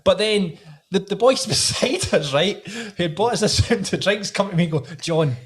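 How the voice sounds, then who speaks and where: A man's voice: high-pitched, normal speed. A man with a Glasgow accent, a podcast co-host who leads the retelling in casual banter, often checking in with "right?". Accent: Scottish (Glasgow).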